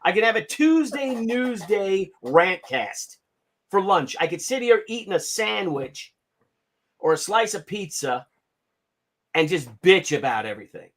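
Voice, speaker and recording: A man in his fifties hosting a casual livestream, ranting in an animated, sarcastic and profane way. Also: high voice, measured pace. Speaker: comic artist hosting a livestream.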